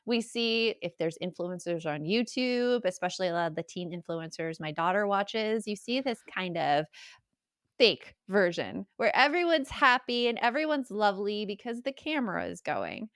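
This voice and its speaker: A middle-aged woman co-hosting a parenting podcast in casual chat, animated and laughing often. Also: mid-range voice, normal speed, no room sound, clean studio sound. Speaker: podcast co-host.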